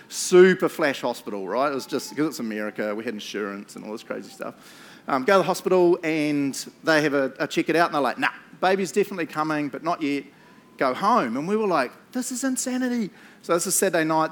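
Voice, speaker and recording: A middle-aged man, preaching a casual storytelling sermon and shouting out re-enacted moments. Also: fairly high pitch. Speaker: pastor.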